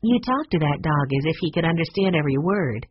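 Reader doing a polite quiet young girl, husky, dry dull recording. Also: medium pitch, lively intonation, fairly quick, no room sound.

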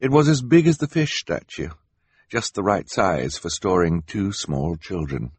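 Husky, lively male storyteller. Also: sits low, measured pace, dry recording. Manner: expressive, storytelling. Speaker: audiobook narrator. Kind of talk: scripted narration.

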